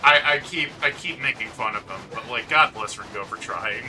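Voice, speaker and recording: A man's voice: on the low side, moderate pace, pushed and bright. A man chatting casually as a co-host, rambling with lots of "like" and poking fun at himself. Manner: rambling, lots of "like", self-mocking. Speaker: co-host of a gaming chat. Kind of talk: casual chat. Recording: distant mic.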